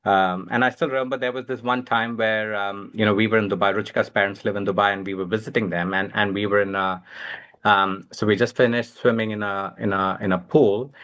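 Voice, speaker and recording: A man's voice: on the low side, fairly bright tone, lo-fi sound. A man speaking as a guest on a parenting panel, talking with many fillers and restarts. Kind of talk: casual panel discussion.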